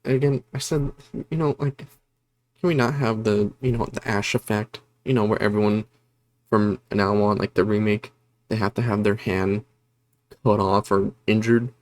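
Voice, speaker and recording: A man with a fairly low, fairly evenly pitched voice speaks at normal speed while summarizing a horror movie for his review channel. It's a loose, rambling recap where he often corrects himself, uses lots of fillers, and apologizes for being disorganized.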